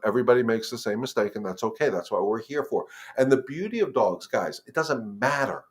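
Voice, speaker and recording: A man hosting a live dog-training Q&A, talking casually and directly to viewers, repeating words and turning firm and emphatic on the rules. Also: mid-range voice. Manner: conversational, repeats words, addresses viewers as guys. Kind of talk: casual live-stream advice.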